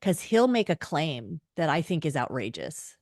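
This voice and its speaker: Woman, middle-aged, podcast guest, animated storyteller, low-ish voice, dry recording. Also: normal speed, no room sound. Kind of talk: conversational interview.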